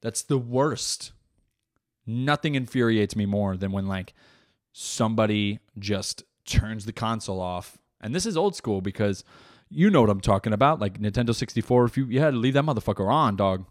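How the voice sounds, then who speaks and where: A man's voice: on the low side, animated, moderate pace, dry recording, clean studio sound. A young adult man hosting a podcast, riffing in a casual comedic monologue, rambling and swearing a lot.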